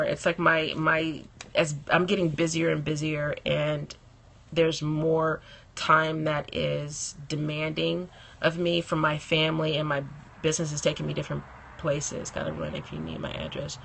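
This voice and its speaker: Beauty blogger, female, live-stream host. Husky, bright tone. Chatty, laughs often, greets viewers by name. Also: sits low, flat delivery, a little slow. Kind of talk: casual live-stream chat.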